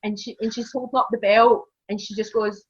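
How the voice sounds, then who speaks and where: A woman's voice: mid-range voice, a little fast, husky. A woman with a Scottish accent, a wrestler telling road stories in a casual interview, laughing often. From Scotland. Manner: animated, laughing, many fillers. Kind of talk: casual storytelling. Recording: dull lo-fi sound.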